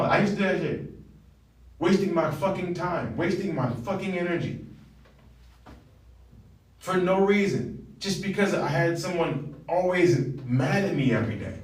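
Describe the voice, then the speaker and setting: A man's voice: a little high, recorded from a distance. A man giving a blunt, profane motivational talk as a wellness coach. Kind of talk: motivational monologue. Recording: roomy, from off the mic.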